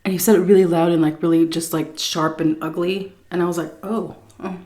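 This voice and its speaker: Animated woman telling a drive-thru story. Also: lowish voice, fast talker. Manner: animated, mimics people in her story. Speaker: mukbang vlogger. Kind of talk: casual storytelling while eating.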